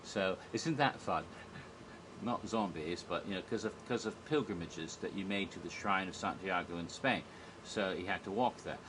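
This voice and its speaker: A man's voice: deep voice, normal speed, background noise. A man vlogging in a casual, rambling monologue, digressive, chuckling at his own jokes with many fillers.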